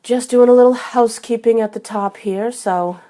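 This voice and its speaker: A woman's voice: a little high, moderate pace, mellow. A woman hosting a live video chat from home, her voice still recovering from a head cold, chatty and laughing often as she greets viewers by name. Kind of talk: casual live-stream chat. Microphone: desk microphone.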